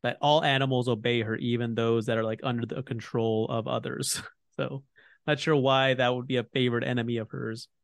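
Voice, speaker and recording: Man, podcast host, casual lore chat, rambling with fillers, mid-pitched voice, dry close sound. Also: level tone, fairly quick, creaky, no echo. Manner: rambling, heavy on fillers like "you know" and "like".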